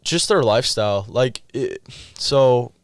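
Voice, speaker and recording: A man's voice: mid-range voice, animated, unhurried, clear, resonant tone, no room sound, clean studio sound. A young man chatting casually on a podcast, telling rambling, enthusiastic stories. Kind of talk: casual chat.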